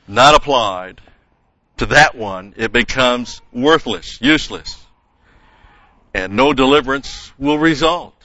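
A man teaching a verse-by-verse Bible lesson, methodical, explaining grammar and pausing with "okay?" and "uh". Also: medium pitch, bright, forceful tone, dry recording, muffled recording.

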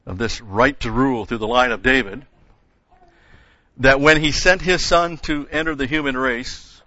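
A man's voice: mid-range voice, normal speed, pushed and bright, no room sound, muffled recording. A man preaching a sermon who reads scripture aloud with rising emphasis, then explains it in plain asides.

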